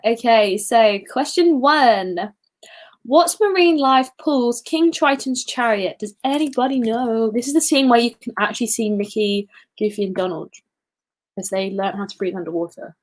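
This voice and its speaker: Young woman, quiz host, casual livestream chat, giggly, self-deprecating asides, slightly high voice. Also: moderate pace.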